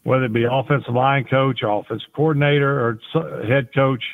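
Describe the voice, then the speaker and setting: A man's voice: medium pitch, steady tone, fairly quick. A man, a former quarterback, telling rambling, folksy stories with many restarts as a podcast guest. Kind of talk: casual interview storytelling. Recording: tinny phone-like audio.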